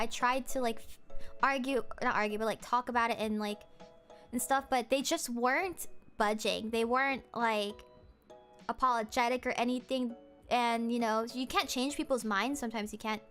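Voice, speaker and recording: A woman's voice: on the high side, a bit bright. A young woman streamer casually ranting to her chat, rambling with lots of fillers and quoting what others said.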